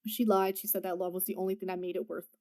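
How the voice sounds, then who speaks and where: A woman's voice: on the low side, little pitch movement, fast talker, warm tone. Young woman podcast host, casual movie recap, swears a lot and laughs mid-sentence. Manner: loose, swears, laughs while retelling scenes.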